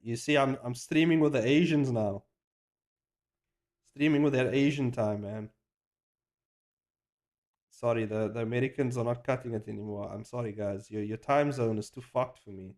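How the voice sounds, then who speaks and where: With a mid-range voice and moderate pace, this man chats casually on a live stream while animating, pausing often. He sounds excitable and hypes himself up, swearing freely and rambling with slang and restarts.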